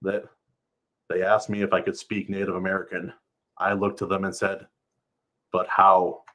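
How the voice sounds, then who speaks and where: A man's voice: deep voice, monotone, normal speed, fairly bright tone. A man reading a novel aloud on a live stream and chatting casually with viewers, laughing often.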